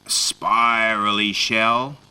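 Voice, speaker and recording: A young man presenting a children's TV show, talking slowly and playfully in a sing-song way for small children. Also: fairly low pitch, little pitch movement, bright, forceful tone, smooth. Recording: music playing along.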